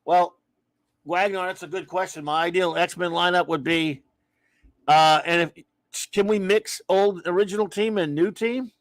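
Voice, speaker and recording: A man's voice: sits high, steady tone, a little slow, dry recording. A man from Louisiana hosting a casual live-stream comics chat. He rambles through strong opinions and greets his viewers in a friendly way. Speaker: livestream comics talk host.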